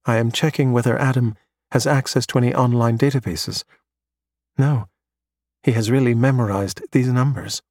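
A man narrating a story in a measured, low-key way. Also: husky, dry recording, studio quality. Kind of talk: audiobook narration.

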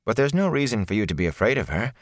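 A man's voice: medium pitch, big pitch swings, very fast, no echo, clean studio sound, pitched above the performer's own voice. A man voicing an earnest young village man who talks in a pleading, soothing way.

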